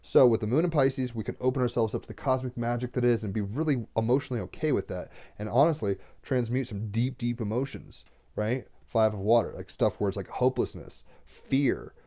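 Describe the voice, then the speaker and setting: A young man with a mid-range, mellow voice speaks briskly as he reads tarot cards on a home livestream. His casual spiritual talk rambles earnestly, full of fillers like "like" and "right?", and he grows emotional, sometimes close to tears.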